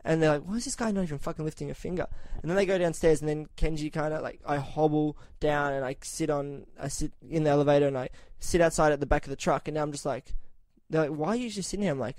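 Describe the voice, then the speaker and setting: A man on a podcast tells a crude, rambling story in casual chat, slipping into quick impressions of the people he met. His voice sits a touch high. The sound is dry and close, with no room echo. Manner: profane, animated anecdotes with quoted voices. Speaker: podcast host.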